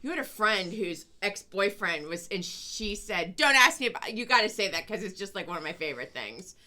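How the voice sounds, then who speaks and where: A woman's voice: lowish voice, expressive, moderate pace, bright, forceful tone. A woman co-hosting a podcast in casual chat, dropping wry interjections and swearing casually. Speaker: podcast co-host.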